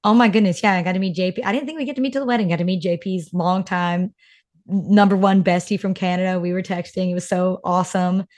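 A woman's voice: fairly low pitch, fairly even intonation, fast, a little mellow. A young woman from North Carolina, co-hosting a podcast in casual, emotional chat, full of "like" fillers. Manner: chatty, emotional storyteller, many "like" fillers. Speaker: podcast co-host.

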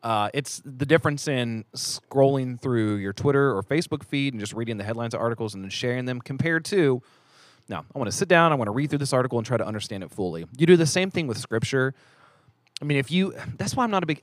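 A man's voice: medium pitch, no echo. Joking, rambling man in casual chat. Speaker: podcast co-host; youth devotion leader.

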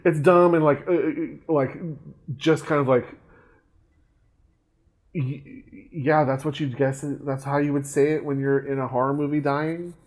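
A man's voice: a little high, steady tone, measured pace. A man co-hosting a podcast, casually recapping a horror film, rambling with frequent fillers, restarts and laughs. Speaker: podcast co-host. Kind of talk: casual movie recap chat.

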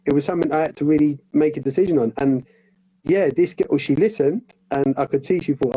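A man's voice: a little high, brisk, husky, dull audio. A man and life coach in training, talking in a casual conversation, rambling with frequent restarts.

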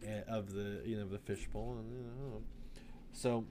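A man's voice: fairly low pitch, fairly even intonation, measured pace, noisy background. A man casually telling a made-up film plot for laughs, rambling with lots of fillers and acting out the characters' lines. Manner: rambling, many fillers, acts out quoted lines.

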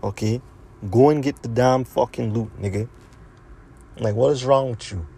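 A man's voice: mid-range voice, moderate pace, creaky, dark tone. Blunt swearing man ranting by a street. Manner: blunt, repetitive, heavy slang and swearing. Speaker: vlogger. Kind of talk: profane motivational rant to camera. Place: outdoors near a street with passing cars. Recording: faint street noise with traffic.

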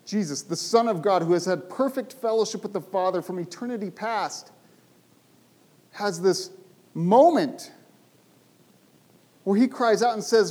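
A male preacher with a notably high voice delivers a sermon. He retells old stories with emphatic rises and throws rhetorical questions at his listeners. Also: measured pace, pauses often, a little mellow.

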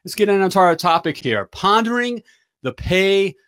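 A man's voice: sits high, big pitch swings, moderate pace, a bit bright. Upbeat middle-aged man coaching live. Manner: emphatic, repeats "all right?" to check in. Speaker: plumbing business coach and livestream host. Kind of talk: energetic livestream pep talk.

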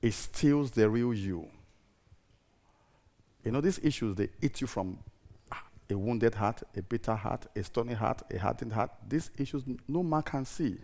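A man in his fifties preaching a sermon in a church, repeating phrases, calling for responses and swinging from soft to loud emphasis. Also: mid-range voice, normal speed. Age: 50s.

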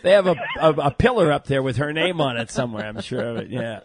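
A man's voice: mid-range voice, expressive, quick pace, crowd noise. A man co-hosting a podcast, chatting casually and teasing his guests with jokes. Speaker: podcast co-host. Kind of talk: casual chat.

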